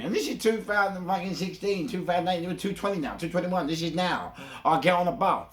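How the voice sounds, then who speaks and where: A man's voice: high-pitched, a little fast, hardly any pauses, a bit bright. A man with a London accent, telling his own story in a casual, streetwise monologue full of rhetorical asides. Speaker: self-described gangster telling his story.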